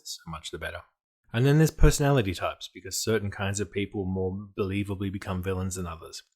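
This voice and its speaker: A man with a somewhat low voice talks through tabletop game design. He stresses his points firmly and keeps a dry, wry edge with playful asides. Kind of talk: explanatory talk on game design.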